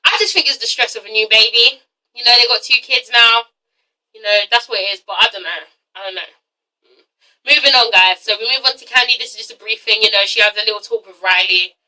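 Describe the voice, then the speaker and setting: A woman's voice: fairly high pitch, a little fast, bright, forceful tone, far from the mic, poor audio. A woman reviewing a TV episode in a casual, gossipy rant, frank and swearing freely. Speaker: TV show reviewer.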